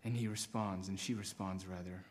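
A male pastor preaching a dramatic sermon, swinging from loud exclamations to hushed tones. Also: sits low, fairly even intonation, normal speed, slight background noise.

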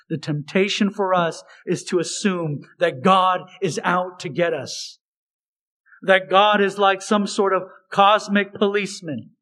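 A male preacher giving an expository sermon, swinging between raised, emphatic lines and hushed, low asides. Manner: slow, deliberate delivery.

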